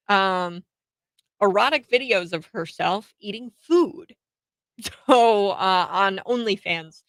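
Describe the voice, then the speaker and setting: A woman's voice: mid-range voice, takes it slowly, a bit bright, dry recording, poor audio. A woman hosting a commentary show, talking in a chatty, sarcastic way with many filler words and short laughs. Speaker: host. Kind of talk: political commentary.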